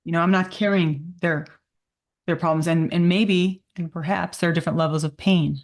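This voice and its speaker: A woman's voice: lowish voice, steady tone. Wry, candid woman podcast co-host. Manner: wry, candid, sometimes slurred and rushed speech. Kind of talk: casual conversational podcast talk.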